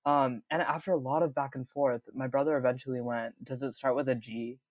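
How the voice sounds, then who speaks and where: A man's voice: mid-range voice, fairly even intonation, fairly quick, dry recording. A young man telling his own story in a casual interview, chatty and full of fillers, laughing often. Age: young adult. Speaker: interview guest. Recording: dull lo-fi recording.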